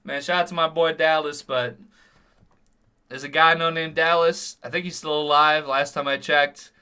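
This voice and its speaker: A man's voice: fairly high pitch, fairly even intonation, normal speed, pushed and bright, clean tone. A male streamer giving rambling live-stream commentary full of crude jokes.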